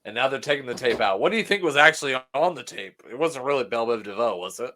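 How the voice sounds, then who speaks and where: Man, podcast co-host, casual chat, joking, profane, mid pitch. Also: lively intonation, fast talker, pushed and bright. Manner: joking, profane, laughs often. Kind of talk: casual chat watching wrestling.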